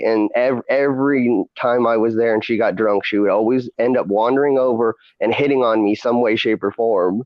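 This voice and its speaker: A man's voice: mid-range voice, fairly even intonation, normal speed, few pauses, no room sound, highs cut off. A man hosting a casual chat, rambling with many fillers and frequent laughs. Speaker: podcast host and streamer.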